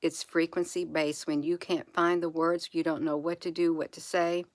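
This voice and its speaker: A woman speaking softly and reassuringly to her viewers, repeating phrases slowly in an encouraging spiritual monologue. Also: low-pitched, flat delivery, no echo. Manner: soft, repetitive, reassuring, with slow drawn-out phrases. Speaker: channel host.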